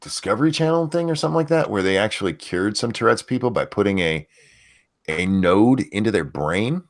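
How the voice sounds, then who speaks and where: A man with a lowish voice that moves a lot in pitch jokes through a podcast chat. He fires off quick questions and wisecracks. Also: lively intonation.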